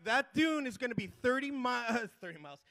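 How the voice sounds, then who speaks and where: Rallying high-voiced man on stage. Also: lively intonation, creaky, pushed and bright. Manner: chanting, rallying the audience, quick asides. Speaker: playa restoration manager giving a conference talk. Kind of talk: energetic presentation with crowd call-and-response. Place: conference hall before a live audience.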